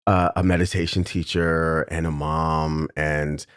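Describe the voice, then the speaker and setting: A man's voice: a bass voice, little pitch movement, unhurried, clear, resonant tone, no echo, clean studio sound. A man co-hosting a podcast as a meditation coach, speaking thoughtfully and hunting for words in casual conversation.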